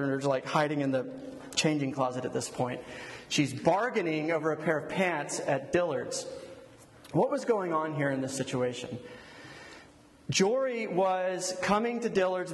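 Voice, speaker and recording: Man preaching in an echoing hall. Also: on the high side. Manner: conversational, animated storytelling. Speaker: pastor. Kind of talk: sermon with storytelling. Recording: echoey hall, long reverb.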